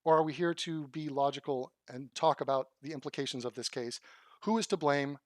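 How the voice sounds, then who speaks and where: Brief: male commentator, sarcastic and profane, slightly high voice, dry close sound. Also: brisk, no room sound. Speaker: commentator reacting to video clips. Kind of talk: combative commentary.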